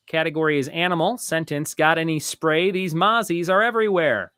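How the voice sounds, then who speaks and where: A man hosting a live trivia show, reading each question slowly and repeating it, with joking asides between. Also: on the high side, a bit bright, clean tone, no echo, studio quality. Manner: reads each question slowly twice, jokes and rambles between. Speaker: trivia host.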